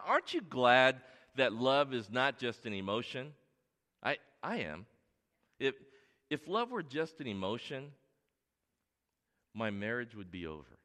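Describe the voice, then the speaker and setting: A middle-aged man preaching a sermon as a pastor, telling stories in an earnest way that swings between hushed and emphatic. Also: mid-range voice. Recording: long reverb of a large hall.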